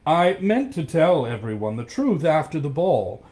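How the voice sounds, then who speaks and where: Man playing an anxious old professor, storybook, raised pitch, lively. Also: measured pace. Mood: explaining. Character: the professor, older male inventor, anxious.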